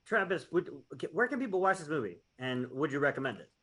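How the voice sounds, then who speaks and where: Fast, bright-voiced podcast host man. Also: a little high, sing-song. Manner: upbeat, chatty, joking. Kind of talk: casual chat.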